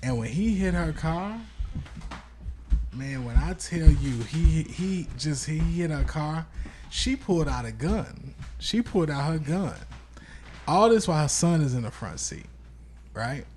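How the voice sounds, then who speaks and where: A man co-hosting a podcast who retells a story in a quick, profane, casual way. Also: on the high side, expressive, darkish tone, a little hiss or hum. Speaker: podcast co-host. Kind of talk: casual chat.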